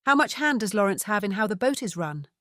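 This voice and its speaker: A woman reads a calm, methodical male private investigator. He asks his questions politely and steadily in a mid-range voice. The sound is dry and close. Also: medium pitch, fast talker, dry recording.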